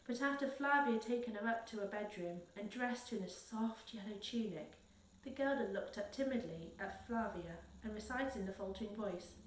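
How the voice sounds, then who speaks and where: A woman reads a children's book aloud in a steady, careful way, with a middle pitch. Her voice sits a little back from the mic in a roomy space. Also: normal speed, recorded from a distance, slight background noise. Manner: steady and careful, with small slips she corrects. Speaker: reader. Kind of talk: reading a children's novel aloud.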